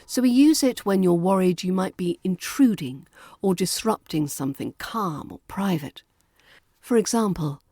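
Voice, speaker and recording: British female teacher, low-ish mellow voice, deliberate delivery, close dry read. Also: expressive, dry recording. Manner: clear, deliberate, slows to model words. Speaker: podcast host and pronunciation teacher. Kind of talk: pronunciation lesson.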